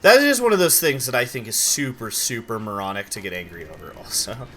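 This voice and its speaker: A sleepy young man from Idaho chatting casually on a live stream while gaming, rambling with quick outbursts. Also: mid-range voice, very animated, fairly bright tone, faint music behind. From Idaho, USA.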